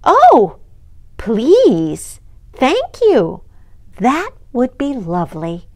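A woman voicing a rowdy troop of small ants in a children's storytime reading, yelling high and squeaky. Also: huge pitch swings, measured pace, full character voice. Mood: polite, apologetic.

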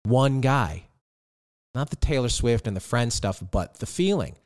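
A man's voice: mid-range voice, lively intonation, unhurried, darkish tone. Chatty man giving playful advice. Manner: playful, conversational, addresses listeners directly. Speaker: podcast host. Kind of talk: relaxed advice monologue.

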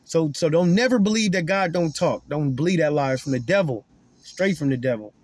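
A man's voice: fairly high pitch, brisk, a little mellow, no room sound. A man who calls himself a prophet, preaching straight to the camera in an emphatic way, restarting and repeating his words for emphasis. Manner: repeats key lines for emphasis. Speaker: self-described prophet.

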